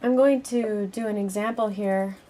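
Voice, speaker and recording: A woman teaching a children's art lesson, speaking gently and encouragingly to young viewers as she draws. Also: mid-range voice, steady tone, moderate pace.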